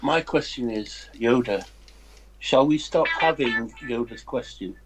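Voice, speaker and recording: A man's voice: mid-range voice, measured pace, breathy edge, rough recording. A man who is a guest on a live stream, joking and bantering casually. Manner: jokey, playful banter. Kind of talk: casual chat.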